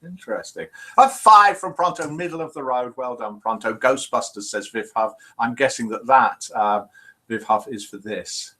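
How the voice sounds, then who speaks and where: A man's voice: medium pitch, moderate pace, pushed and bright. A man hosting a casual live online chat show, reading out viewers' messages in a chatty manner. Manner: chatty, reads viewers' comments aloud. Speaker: host of an online chat show for over-50s.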